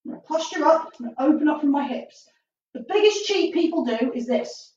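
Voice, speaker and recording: A woman's voice: sits high, lively intonation, brisk, darkish tone, roomy sound. Woman, martial arts coach, upbeat jokey class cues, distant mic, dull lo-fi sound with faint hiss. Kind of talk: live online class instruction.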